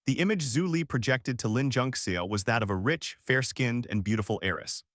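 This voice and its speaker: A man narrating a storybook with a lively, expressive telling. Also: mid-range voice, normal speed, dry recording, studio quality.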